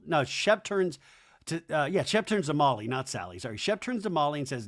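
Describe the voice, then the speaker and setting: A man hosting a podcast, recapping a reality TV episode with sarcastic, animated commentary and putting on voices for quotes. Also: on the high side, moderate pace. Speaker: podcast host. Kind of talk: comedic TV recap.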